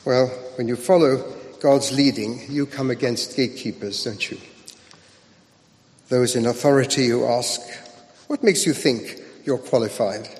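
A man's voice: mid-range voice, normal speed, darkish tone. A male preacher giving a sermon in a conversational way, asking his listeners rhetorical questions. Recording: long hall reverb.

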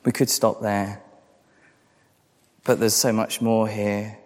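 A man's voice: fairly low pitch, little pitch movement, slow, long reverb tail. A man preaching a sermon, earnest and repeating key phrases for emphasis. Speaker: pastor.

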